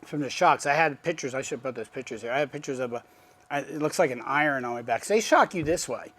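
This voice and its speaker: A man's voice: medium pitch, fast. A man casually telling a personal story, acting out the voices of the people in it. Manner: animated, acts out quoted dialogue. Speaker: guest.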